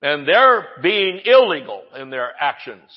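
A man preaching a sermon, excitable, jumping between quiet asides and shouted declarations. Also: a little high, unhurried. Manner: excitable, shouts at peaks, jokes and laughs with the congregation. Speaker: pastor. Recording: dull, echoey church recording.

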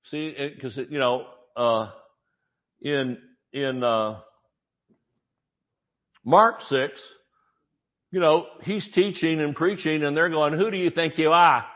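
A male pastor delivering a sermon in a loose, chatty way, stumbling over restarts and breaking into jokes. His voice sits a little higher than most men's, and the recording sounds dull and muffled. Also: slow, pauses often. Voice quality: conversational, joking, many restarts.

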